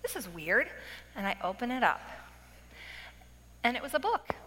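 High bright woman in her 40s, church testimony, slow and super animated, long hall reverb. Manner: animated storytelling with big swings in pitch. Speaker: guest speaker giving her testimony. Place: church worship center.

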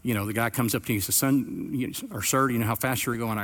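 A man's voice: medium pitch, steady tone, rapid-fire, fairly bright tone. Middle-aged guy preaching, tells a story then gets earnest, mid-range voice. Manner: storytelling, building to earnest emphasis. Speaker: pastor. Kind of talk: sermon.

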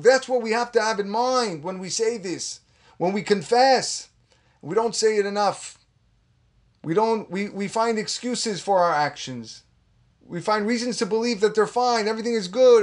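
A man giving an impassioned Torah sermon as a rabbi, repeating words and acting out quoted voices. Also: moderate pace. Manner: impassioned, rising to a high pitch for emphasis.

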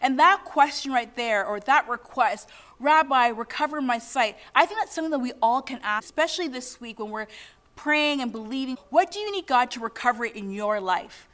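A woman's voice: high-pitched, lively intonation, a little fast, a bit bright. A woman pastor preaching a sermon to her church, earnest and exhorting as she reads scripture and prays over the congregation.

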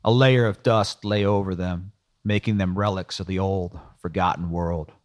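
A man's voice: sits low, fairly even intonation, moderate pace, darkish tone. A man giving wry, world-weary first-person noir audiobook narration.

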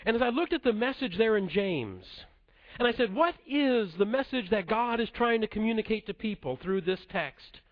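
Male preacher, slightly high voice, measured and earnest, dull lo-fi recording. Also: animated. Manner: measured, earnest delivery dropping soft at the close. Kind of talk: sermon. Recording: dull lo-fi sound.

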